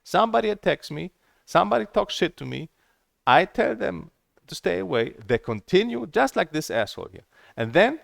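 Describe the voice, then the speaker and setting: Blunt ranting male vlogger, gravelly and lively, dry close sound, swears freely. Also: high-pitched, normal speed, no echo. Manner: blunt, heated and profane; repeats himself, restarts phrases. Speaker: table tennis game vlogger. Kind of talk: casual ranting monologue.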